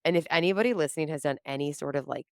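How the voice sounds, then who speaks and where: A woman guest on a podcast telling a story in casual chat, animated and laughing often as she acts out her own quotes. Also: deep voice, very fast, creaky, no echo, clean studio sound. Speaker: podcast guest, comedian and entrepreneur.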